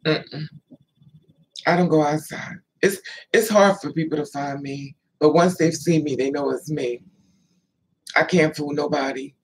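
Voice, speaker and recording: A woman's voice: deep voice, unhurried, long pauses, a little hiss or hum, poor audio. A woman telling stories in a loose, chatty way, stopping to answer viewers by name. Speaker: livestream host. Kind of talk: casual storytelling chat.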